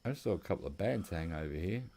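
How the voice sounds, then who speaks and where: A man's voice: sits low, expressive, quick pace, dark tone, slight background noise. A man with an Australian accent, chatting casually and rambling through stories while he plays a hunting game. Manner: rambling storytelling. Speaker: gaming commentator. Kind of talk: casual gameplay commentary.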